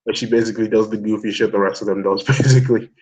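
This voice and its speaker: A young man in casual chat about comic chapters, excitable and swearing, laughing often as he quotes characters. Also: on the low side, racing, poor audio. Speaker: manga discussion host.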